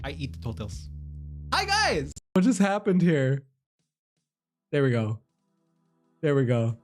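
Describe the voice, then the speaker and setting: A woman streaming a video game, chatting with viewers in a giggly, excitable way and reacting loudly to what happens. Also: very deep voice, a little slow, faint music behind. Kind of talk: casual live-stream commentary.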